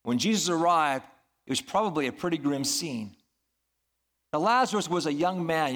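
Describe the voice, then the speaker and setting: A man's voice: medium pitch, fairly bright tone. A man preaching a sermon as a pastor, earnest and building to emphatic peaks.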